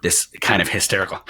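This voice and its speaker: A man's voice: low voice, sharp tone, slightly rough. A man narrating as game master of a tabletop role-playing session, describing scenes at length with frequent restarts.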